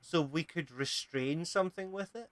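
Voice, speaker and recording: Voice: mid-range voice, normal speed, a crowd in the background. A player in a tabletop game, speaking hesitantly and stumbling over words. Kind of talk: casual game chat.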